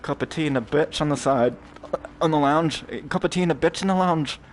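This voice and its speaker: A man voicing an exaggerated, cheeky male Londoner in a put-on thick London accent, loud and cartoonish. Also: fairly high pitch, brisk, a little hiss or hum, voice pushed up, lightly acted.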